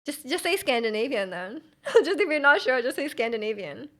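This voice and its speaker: A woman's voice: high-pitched, sing-song, brisk, a bit bright. A young woman from Vancouver, streaming live and rambling in casual chat, reading out her chat, using lots of "like" and giggling. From Vancouver, Canada. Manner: rambling, filler-heavy with frequent "like", giggly.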